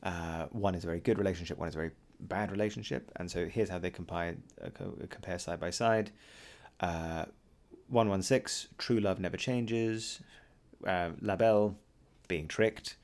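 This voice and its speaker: A man's voice: deep voice, a little mellow. A man teaching an English literature lesson, talking a class through a poem with frequent ums and uhs. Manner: talks through a poem, reading lines aloud and pausing with ums and uhs. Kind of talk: recorded poetry lesson.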